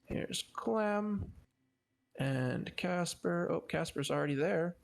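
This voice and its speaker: A man's voice: high voice, takes it slowly, vocal fry. A man narrating a tabletop game as dungeon master, loose and rambling with many fillers.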